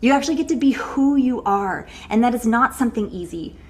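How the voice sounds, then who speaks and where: A woman breathwork coach giving an animated, casual live online workshop, swearing freely and laughing often. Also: a little high, a little fast.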